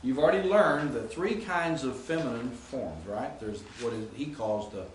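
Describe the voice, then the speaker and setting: A man's voice: medium pitch, lively intonation, normal speed, roomy sound, a little hiss or hum, low-quality recording. A man teaching Greek grammar in a classroom lecture, explaining and reciting word forms.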